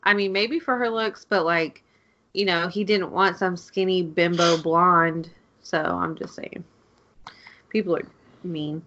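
A woman's voice: lowish voice, fairly even intonation, measured pace, bright, forceful tone, muffled recording, a little hiss or hum. A young woman co-hosting a casual podcast, telling stories in a rambling, giggly way with lots of fillers. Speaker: podcast co-host. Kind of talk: casual chat.

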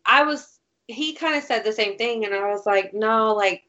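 A woman's voice: fairly high pitch, normal speed, bright, forceful tone. A young woman in casual chat, telling a story in a rambling way, full of "like" and swearing. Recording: dull lo-fi recording.

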